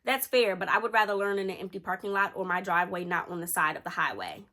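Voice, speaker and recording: A woman vlogger tells a personal story in a casual storytime style, chatty, animated and full of slang as she talks straight to her viewers. Her voice is mid-range and her pace quick.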